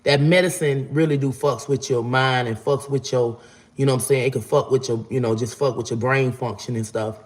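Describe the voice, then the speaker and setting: A Florida man in his 40s, a vlogger, casually tells a long, profane story in a medium-pitched, fairly quick voice with fairly even intonation. He rambles and acts out quotes by raising his voice.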